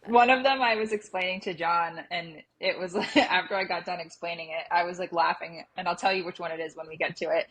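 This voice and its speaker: Husky young woman hosting a chat. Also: on the low side, brisk, poor audio. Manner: animated, laughs often while telling stories. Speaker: podcast co-host running a game. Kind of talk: casual podcast chat.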